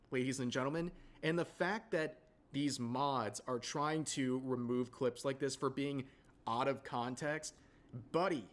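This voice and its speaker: A man hosting an online commentary video, narrating with outrage and addressing his viewers as ladies and gentlemen. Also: fairly high pitch.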